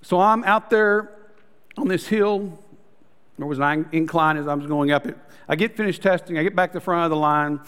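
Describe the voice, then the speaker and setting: A male pastor preaching a story-driven sermon, calling the congregation "guys" and dropping to soft, intimate tones. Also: fairly high pitch, moderate pace, clean tone, big-room sound.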